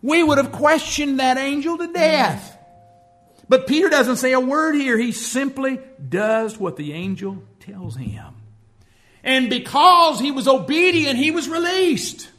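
Bright, high-voiced man preaching a sermon. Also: expressive, unhurried, faint music behind. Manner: storytelling preacher who acts out quoted speech. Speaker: pastor.

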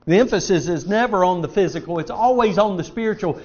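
A middle-aged man delivers an earnest sermon in a fairly high voice, pressing his points with shifts in loudness and pace. The recording sounds dull and lo-fi. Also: fast talker. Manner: earnest, emphatic preaching with varied loudness and pace. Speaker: preacher.

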